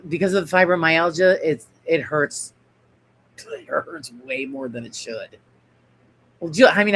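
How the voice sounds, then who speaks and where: A woman's voice: low voice, vocal fry, slight background noise, low-quality recording. A woman hosting a casual miniature-crafting stream, chatting in a rambling way and answering viewer comments as she builds. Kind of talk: casual craft livestream chat.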